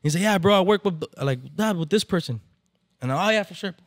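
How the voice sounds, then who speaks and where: A man's voice: high-pitched, animated, fast talker, dry recording, studio quality. A man, a barber event organizer, telling a story in casual, profane slang and slipping into Spanish now and then. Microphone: podcast microphone.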